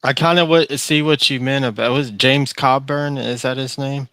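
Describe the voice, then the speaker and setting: Laid-back man chatting haltingly. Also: mid-range voice, steady tone, bright, forceful tone. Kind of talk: casual chat.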